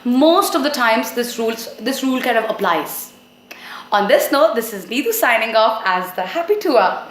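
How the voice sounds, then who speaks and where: A woman giving a short English pronunciation lesson, explaining clearly and slowing down on example words. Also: on the high side, lively intonation, a little hiss or hum. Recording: echoey room.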